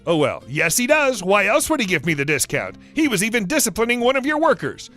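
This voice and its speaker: A man voicing an obnoxious, entitled woman customer who insists and accuses loudly. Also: big pitch swings, a little fast, faint music behind. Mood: indignant. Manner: shrill, indignant insisting. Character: obnoxious entitled woman shopper, loud, demanding.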